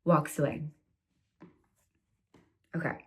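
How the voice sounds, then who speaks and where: A woman in her twenties talking straight to camera as a self-love coach, blunt and preachy, with many fillers like "like" and "you know". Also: slow. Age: 20s. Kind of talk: direct-to-camera motivational monologue.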